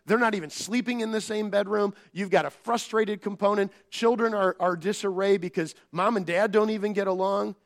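A man preaching a sermon as pastor, conversational and animated, acting out family arguments in quoted voices. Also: high voice. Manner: conversational with filler words and restarts.

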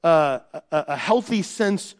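A man preaching a church sermon, and his voice sits high for a man. He talks conversationally, restarts his phrases and keeps asking the congregation rhetorical questions. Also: expressive, slow pace. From Minnesota. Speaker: pastor.

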